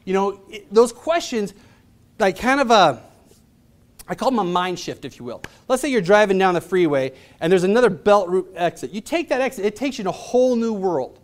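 A man's voice: sits high, lively intonation, fairly quick. A man in his thirties giving a motivational presentation, telling stories in a casual, chatty way and acting out the voices of the people in them. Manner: casual, chatty delivery with fillers. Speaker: motivational speaker. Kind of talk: storytelling presentation.

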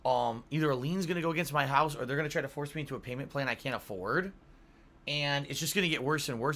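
Yawning and worn out, a man streams from his home in a slightly high, pushed, bright voice. His talk is a casual ramble with occasional swearing, and he reads out messages from donors.

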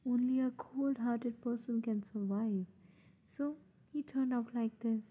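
A woman voicing a calm, gentle middle-aged mafia father in a fan audio drama, speaking in a reassuring way. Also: on the high side, unhurried, breathy edge, narrow, tinny audio.

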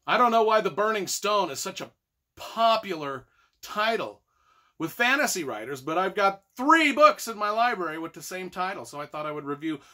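Man, middle-aged, ranting book review, exasperated, profane, lively pitch, bright tone.

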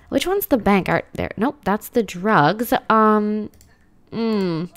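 A woman's voice: mid-range voice, animated, slow pace, no room sound. A woman giving casual, dramatic commentary as she plays a life-sim game, full of slangy exclamations. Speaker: gaming let's-play host.

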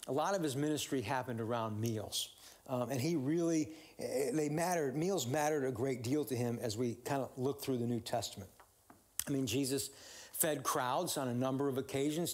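Male pastor, conversational sermon delivery, informal with fillers. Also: fairly high pitch. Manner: conversational, warm storytelling with many fillers and restarts.

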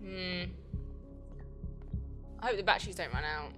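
A woman's voice: on the low side, over music. A woman co-hosting a game review, teasing her partner in casual let's-play banter. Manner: teasing, quick to laugh.

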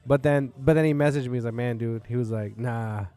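A comedian hosting a podcast, spinning a long, rambling story in a bar. He talks fast and swears freely. His voice sits at an ordinary pitch. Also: mellow, clear, resonant tone. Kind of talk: casual chat.

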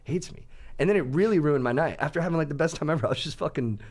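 A man co-hosting a podcast, telling a story in an animated, profane way. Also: on the high side, rapid-fire. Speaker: podcast co-host. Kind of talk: casual podcast chat.

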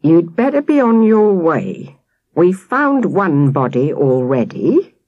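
Storybook copper, stern and suspicious, as a woman reader plays him, husky and dry. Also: on the low side, big pitch swings, slow, dry recording, muffled recording, exaggerated voice. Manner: stern, suspicious, through gritted teeth. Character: menacing, gruff grown-up policeman.

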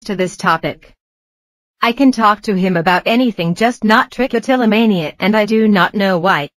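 A computer-generated woman's voice reading out a personal vlog in an even, mechanical way. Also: mid-range voice, moderate pace, no room sound, poor audio. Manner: evenly read, mechanical delivery. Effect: computer-generated text-to-speech voice. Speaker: vlogger. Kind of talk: text-to-speech narration of a personal vlog.

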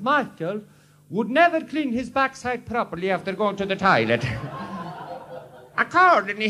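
A man putting on the voice of a prim young married woman from the Scottish islands with a Highland lilt, earnestly presenting a soap advert in a stand-up act. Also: sharp tone, full character voice. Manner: earnest, proper, announcing. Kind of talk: stand-up comedy impression. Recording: live show with audience laughter.

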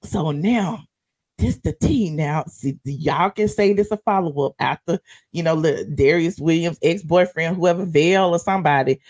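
On her livestream, a woman with a low-pitched, slightly mellow voice talks at normal speed, sassily chatting about gossip to live viewers. She laughs frequently and keeps calling them honey.

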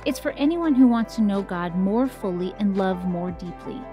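A woman reading a scripted promotional announcement in a smooth, even delivery. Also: medium pitch, normal speed, music in the background.

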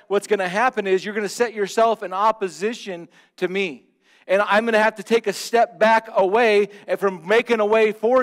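High-voiced pastor preaching with urgency. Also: male voice. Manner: swings between loud emphatic bursts and hushed asides; earnest, direct address to the congregation. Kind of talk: sermon.

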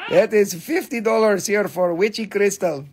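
A man hosting a live crystal sale on his phone, excitable and chatty, swearing casually and laughing often. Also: high voice, unhurried. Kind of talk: live-stream sales chat.

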